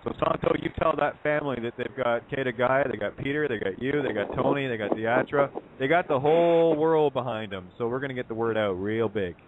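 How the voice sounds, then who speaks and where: A man co-hosting a talk radio show, rambling and halting with many fillers. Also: mid-range voice, a little hiss or hum. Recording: phone line.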